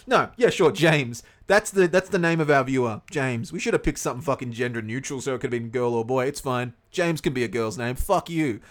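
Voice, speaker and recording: A man's voice: mid-range voice, a little fast, few pauses. A man co-hosting a casual podcast, swearing constantly and spinning off into comic rants. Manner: profane, ranting comic tangents. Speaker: podcast co-host.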